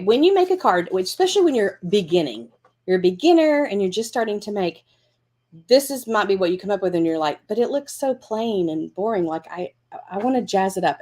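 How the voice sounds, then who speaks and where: A woman's voice: mid-range voice, darkish tone. A woman hosting a live crafting lesson, chatting encouragingly and thinking aloud as she works. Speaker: craft class host.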